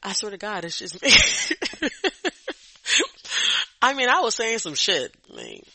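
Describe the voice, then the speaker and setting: A young woman ranting in a loose, profane monologue on her own podcast. Her voice is bright and bouncy, with pitch that rises and dips a lot, and it is recorded close and dry with no room sound. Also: huge pitch swings, a little slow, gravelly, dry recording. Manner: profane, blunt and rambling with frequent laughs. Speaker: podcast host.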